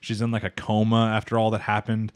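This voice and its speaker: Fast-talking low-voiced man recapping anime. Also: completely flat delivery, smooth, no echo. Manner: rambling, lots of fillers, acts out characters' lines. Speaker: podcast co-host. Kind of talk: casual anime recap chat.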